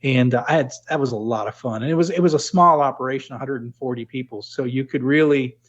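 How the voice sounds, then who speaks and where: A middle-aged man from New England talks with no regional trace, speaking at a mid pitch. He is thoughtful and loose, restarting sentences as he goes. The line sounds slightly dull and lo-fi. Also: fast. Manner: reflective, full of restarts and "you know". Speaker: podcast guest. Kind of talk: casual interview talk.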